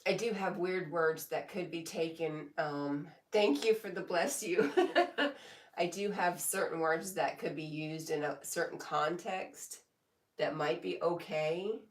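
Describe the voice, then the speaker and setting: Slow-talking woman reading stream comments. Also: low voice, recorded from a distance. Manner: slow, relaxed, laughs often between comments. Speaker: live streamer. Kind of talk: casual live stream chat, reading comments aloud. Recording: echoey room, voice a bit off mic.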